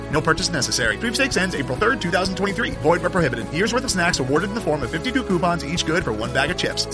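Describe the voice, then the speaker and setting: A high, lively male announcer reads a sponsor spot with an upbeat promotional push. His pitch jumps around a lot, and clear music plays under the voice the whole time. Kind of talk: scripted ad read. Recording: music bed behind voice.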